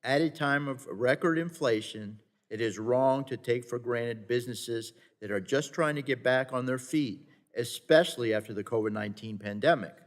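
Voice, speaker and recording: An earnest man making a formal statement at a committee markup, pressing his point by repeating himself and sometimes tripping over words. His voice rings out through a large hearing room with a long trailing reverb, at an ordinary middle pitch. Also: normal speed. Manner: earnest, insistent, with repeated phrases and some stumbles. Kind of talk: formal floor speech.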